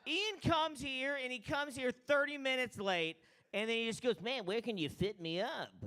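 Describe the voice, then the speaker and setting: A man's voice: very high-pitched, normal speed, bright, forceful tone. A man hosting an open mic comedy night, brash and crude, teasing the crowd between acts. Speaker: comedy show host. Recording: live mic in a bar room.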